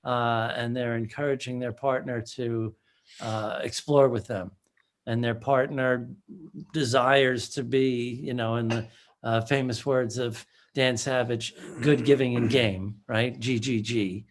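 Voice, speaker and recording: A man hosting a podcast works through a long question, full of small hesitations. His pitch is ordinary, neither high nor low. He sounds thoughtful and unhurried in his framing. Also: fairly even intonation. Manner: thoughtful, hesitant with many fillers. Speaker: podcast co-host. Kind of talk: podcast interview.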